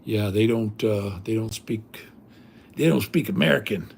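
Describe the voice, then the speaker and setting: A man's voice: on the low side, a little slow, creaky, a little hiss or hum. An older man hosting a livestream, telling rambling stories in a blunt, casual way with salty language. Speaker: livestream host.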